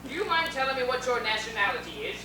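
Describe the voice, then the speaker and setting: A woman playing a brash, bawdy judge who fires off quick comebacks in a vaudeville stage sketch. Her voice sits high and is caught from a distance in an echoey room, with steady noise behind it. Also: lightly acted. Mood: wisecracking. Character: brash wisecracking female judge. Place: dinner theater stage. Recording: echoey room from far off, noisy.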